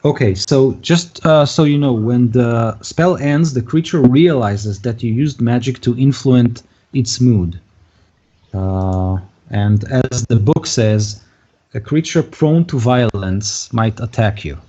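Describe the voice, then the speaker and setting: A male game master narrating a tabletop session, halting and full of fillers as he thinks aloud. His voice is mellow and a little husky, heard through a dull, muffled voice-chat line. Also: mid-range voice.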